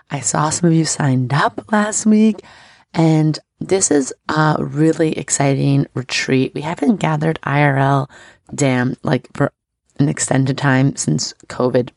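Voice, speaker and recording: Bubbly woman with a gravelly scratch. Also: sits low, a little mellow, no room sound. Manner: bubbly, effusive, chatty. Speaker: astrology podcast host. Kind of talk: casual podcast chat.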